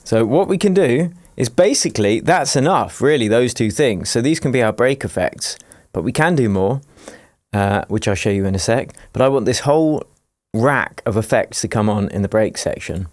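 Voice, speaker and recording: A man teaching music production in a screen-recorded tutorial, explaining each step in a relaxed, jokey way. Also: mid-range voice, normal speed, no room sound, studio quality. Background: faint dance music playing from his project.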